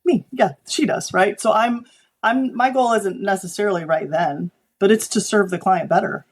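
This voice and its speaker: A woman photographer chats as an interview guest, her pitch sitting right in the ordinary middle. She tells stories from her shoots with lively energy and briefly takes on the voices of clients and colleagues. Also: moderate pace, husky. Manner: animated storytelling, acting out quoted people. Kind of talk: conversational interview.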